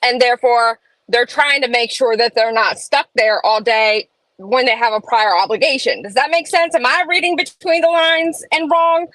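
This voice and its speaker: Casting: woman, slightly high voice, chatty live-stream host, dry close sound. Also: fairly even intonation, moderate pace, a bit bright, no room sound, low-quality recording. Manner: chatty, reads chat aloud, opinionated asides. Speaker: livestream host. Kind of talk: casual live-stream chat. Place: home room.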